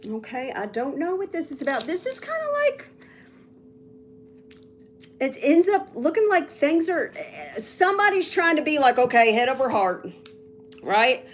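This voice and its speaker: A woman reading tarot cards on a casual livestream, rambling and getting loud when she's excited. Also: sits high, normal speed, few pauses, a little hiss or hum. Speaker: tarot reader.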